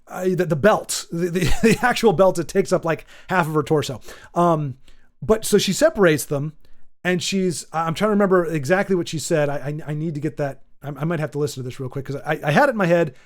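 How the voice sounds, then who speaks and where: A man with a high-pitched voice hosts his own channel and rants off the top of his head. He rambles, restarts his sentences and fills the gaps with ums. He sounds casual and unscripted. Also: fairly quick. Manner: rambling, full of restarts and fillers. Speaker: channel host. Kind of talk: off-the-cuff commentary rant.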